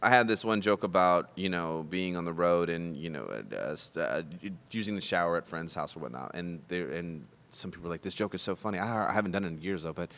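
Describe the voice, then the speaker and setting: Rambling low-voiced male podcast host. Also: fast talker, few pauses. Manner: rambling storyteller, many restarts and fillers, gets loud and high when excited. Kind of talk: casual chat. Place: comedy club.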